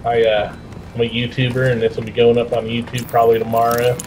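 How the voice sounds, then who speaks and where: A man's voice: mid-range voice, fast, a little hiss or hum, poor audio. A man casually commenting as he plays a shooter game with friends, chatty and joking. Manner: chatty, joking, excitable during fights. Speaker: YouTuber playing online.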